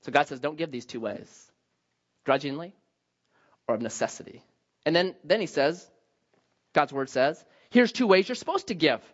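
High, lively pastor preaching. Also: male voice, normal speed, long pauses, highs cut off. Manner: animated storytelling with self-mocking jokes. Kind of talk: sermon. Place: church sanctuary.

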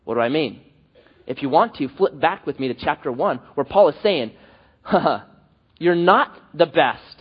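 A man preaching a sermon, animated and acting out the voices he quotes. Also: fairly high pitch, unhurried, long pauses, slightly rough, dull audio. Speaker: pastor.

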